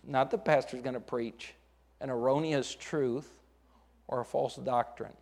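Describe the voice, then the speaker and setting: A man's voice: mid-range voice, steady tone, unhurried, vocal fry, a little mellow. A middle-aged man preaching a sermon as pastor, with dramatic rises and acted-out quotes.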